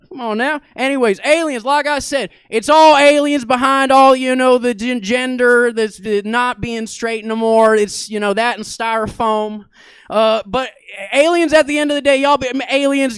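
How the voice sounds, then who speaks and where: A man with a very high, smooth, clear voice delivers a rambling character monologue on a comedy stage. His tone is mock-authoritative, and he keeps turning to the crowd for agreement. The sound is dry and close, with little room echo. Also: fairly bright tone. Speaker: stand-up comedian.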